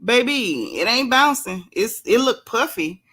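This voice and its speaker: A woman talks casually to her live-stream viewers from home, close to the camera. Her voice sits a little high, and she calls out each viewer by name in a playful, chatty way. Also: sing-song, a little slow, a bit bright, breathy edge. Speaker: livestream host.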